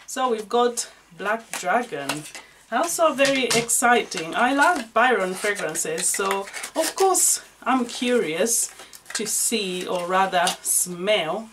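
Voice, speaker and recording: A young woman hosts a casual perfume unboxing vlog. She talks at a slow, unhurried pace at a middle pitch. She gushes excitably, laughing and sighing between her impressions. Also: background noise. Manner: gushing, excitable, with laughs and sighs. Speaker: fragrance reviewer.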